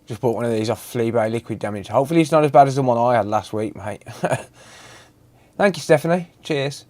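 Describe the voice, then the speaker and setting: A man's voice: medium pitch, expressive, normal speed, warm tone. A man hosting a casual live stream, greeting viewers by name and chatting loosely.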